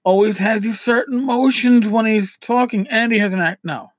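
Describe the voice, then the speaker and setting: A man's voice: high voice, moderate pace. A man who grew up in New York City gives game masters casual, rambling advice. He is self-deprecating and often restarts his sentences.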